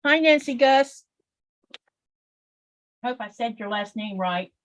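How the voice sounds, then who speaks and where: A woman's voice: a little high, lively intonation, slow, a little hiss or hum, low-quality recording. A woman chatting casually on a sewing livestream as co-host, telling long rambling stories with many fillers.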